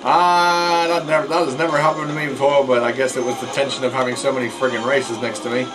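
Fast and flat, a man with a mid-range voice gives casual let's play commentary on an online racing game. He jokes about his own errors and trips over words while game music plays, all in a low-quality recording.

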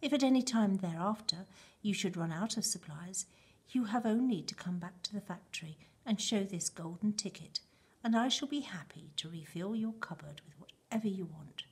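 A woman reading aloud and voicing a grand, eccentric male chocolate maker's letter in a theatrical, husky voice. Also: mid-range voice, animated, moderate pace, a little mellow. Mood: grandiose.

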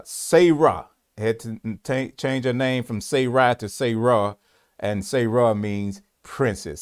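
Guy teaching like a preacher, mid-pitched voice, keeps asking "what?" and answering it, gets louder on the quotes. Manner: call-and-response questions, repeats key words; emphatic, rises in pitch on scripture quotes. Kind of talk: sermon-style teaching.

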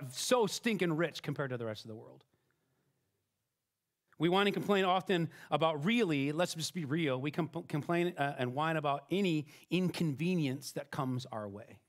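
A middle-aged man preaching a sermon as pastor, conversational and self-deprecating, often checking in with "right?" and restarting his sentences. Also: fairly high pitch.

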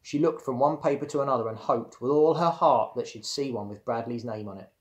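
A man, a primary school teacher, reading a children's story aloud in a clear, steady way. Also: mid-range voice, fairly quick.

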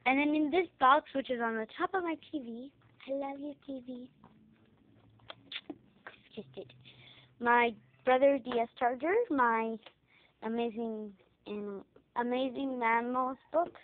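A young girl giving a casual tour of her bedroom, chatty and rambling, excitable now and then. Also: high voice, a little slow, long pauses. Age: child. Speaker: vlogger giving a room tour. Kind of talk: casual room tour vlog. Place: child's bedroom, indoors. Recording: tinny lo-fi home camera audio.

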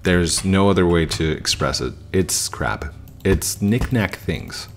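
Slow and low-pitched, this thirtysomething gaming YouTuber muses casually while playing, over faint background music. His reflective talk is full of fillers and sentences he keeps starting over.

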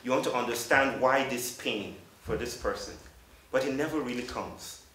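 A man in his thirties from Africa, giving an earnest, halting storytelling talk to a live audience. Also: medium pitch, fairly bright tone. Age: 30s. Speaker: public speaker. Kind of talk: storytelling lecture. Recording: roomy hall from a distant mic with faint hiss.

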